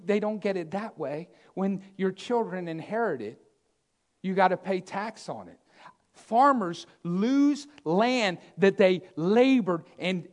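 A man with a high voice preaches a sermon, emphatic and repetitive. He swings between loud declarations and hushed asides.

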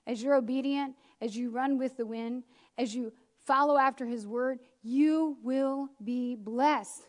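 A woman preacher giving a lively, chatty sermon with self-deprecating asides. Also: high-pitched, unhurried. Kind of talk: conversational sermon.

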